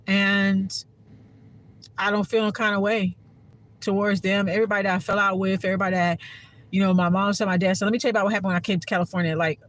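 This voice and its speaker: A woman's voice: medium pitch, little pitch movement, quick pace. A woman giving a heartfelt, profane casual monologue to her viewers as a spiritual content creator.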